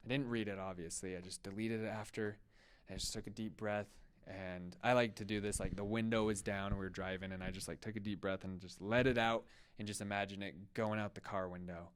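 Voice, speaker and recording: Young man, podcast co-host, casual storytelling, chatty with lots of fillers, lowish pitch, dry close sound. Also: fairly even intonation, brisk, clear, resonant tone, no echo. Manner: loose and chatty, full of "like" fillers.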